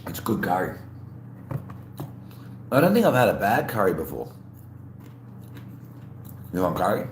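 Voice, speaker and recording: An Australian man with a low voice and big pitch swings speaks a little slowly as he hosts a laid-back, rambling livestream. He greets viewers and answers their chat messages aloud while eating, in a room with roomy echo and a faint hum.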